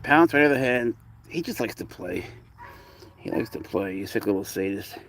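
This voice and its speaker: A man's voice: medium pitch, moderate pace, fairly bright tone, no echo. A man hosting a casual livestream about his pet cat, chatting to viewers with rambling asides and cooing at the cat. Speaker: cat owner and channel host.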